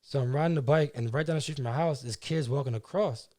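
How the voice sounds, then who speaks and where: A young man with a New Jersey accent tells his story on a podcast. He talks in a loose, slangy way, with "like" in almost every line. His voice sits at an ordinary middle pitch. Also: fast talker. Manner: animated, slangy, heavy use of "like" and "you know what I mean". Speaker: podcast guest. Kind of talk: casual storytelling.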